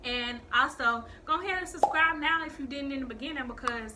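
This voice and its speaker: A young woman telling a story on her vlog in a casual, profane, animated way, acting out the people she quotes. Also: high-pitched, brisk, very noisy.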